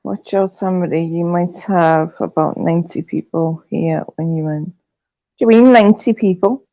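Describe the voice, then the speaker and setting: A woman's voice: fairly low pitch, moderate pace, warm tone, dull audio. A woman in a casual voice chat, teasing and coaching a friend on how to say place names. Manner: laughing, teasing, coaching pronunciation. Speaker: chat participant.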